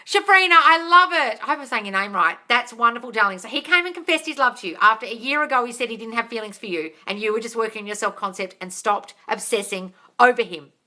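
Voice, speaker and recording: A woman's voice: a little high, fast, few pauses, pushed and bright. A woman, hosting a live-stream Q&A as a manifestation coach. She reads out viewers' comments and answers them in a bubbly way, squealing and laughing often.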